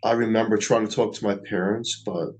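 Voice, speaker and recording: A middle-aged man, earnestly recounting a personal experience in a slow, reflective way. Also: fairly low pitch, fairly even intonation, a little mellow, poor audio. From Staten Island, New York. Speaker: near-death experiencer. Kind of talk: personal storytelling.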